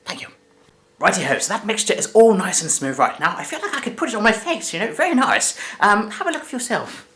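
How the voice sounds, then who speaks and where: Male cooking host, lively sing-song delivery, goofy rambling asides. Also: high-pitched, fairly quick. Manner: jokey, rambling, self-correcting asides. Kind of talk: comic in-character cooking demo.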